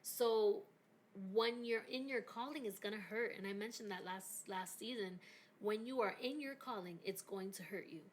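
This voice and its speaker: A woman hosting a faith-focused podcast, telling a personal story in an animated, emotional way during a casual chat. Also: mid-range voice, normal speed. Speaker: podcast host.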